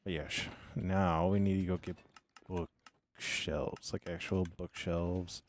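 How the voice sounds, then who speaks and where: A hoarse man streaming a game, rambling casually to himself and his chat and now and then dropping into a whisper. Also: sits low, flat delivery, slow pace, slight background noise. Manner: drifts into whispering. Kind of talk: casual live gameplay commentary.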